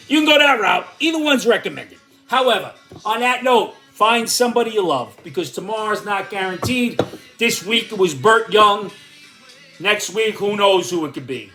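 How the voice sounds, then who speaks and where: A man's voice: high-pitched, moderate pace, faint music behind. An older man with an Irish accent, ranting bluntly through opinions and advice on his own show. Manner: blunt, animated, angry rants, shouts at times. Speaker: vlog host giving opinions and advice. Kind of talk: ranting commentary and advice column.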